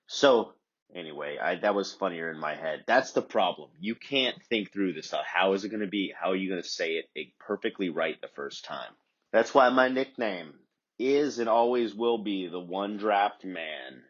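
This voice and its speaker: Male podcast host, deep and husky, crude rambling comic monologue, dull recording. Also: expressive, moderate pace. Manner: crude, rambling, swinging between mutters and shouts. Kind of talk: comedic monologue.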